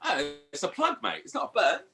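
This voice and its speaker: A man co-hosting a podcast, telling stories in a sweary, animated way. His pitch swings widely as he talks, and his voice is bright. It is loose, unscripted chat between friends. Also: a little fast, vocal fry, soft background music. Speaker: podcast co-host. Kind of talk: casual chat.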